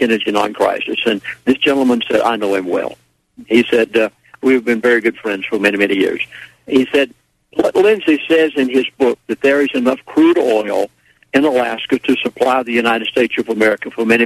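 A man's voice: mid-range voice, no echo, low-quality recording. An older man, a radio guest, telling a story in a rambling way, with restarts and quoted lines. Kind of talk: casual phone-in storytelling.

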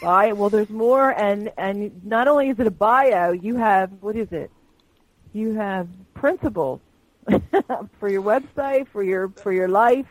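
A woman's voice: medium pitch, unhurried, no room sound, poor audio. A woman hosting a live internet talk radio show, chatty and gushing, laughing often between remarks.

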